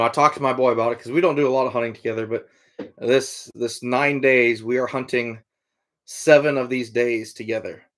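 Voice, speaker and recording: A middle-aged man from Iowa hosting a casual livestream, answering viewer comments in an easygoing, rambling way with lots of fillers. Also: medium pitch. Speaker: livestream host, trapper and hunter.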